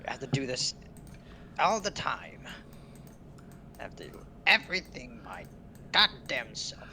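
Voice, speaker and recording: A man voicing a wary, grumbling male goblin lookout who complains gruffly. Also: medium pitch, sing-song, measured pace, bright, forceful tone, a little hiss or hum, heavily acted. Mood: grumpy.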